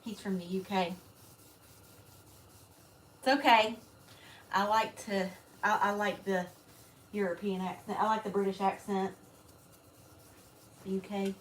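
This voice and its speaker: A woman's voice: medium pitch, fairly even intonation, a little slow, long pauses. A woman, casually chatting and teasing during a livestream, reading out viewer comments.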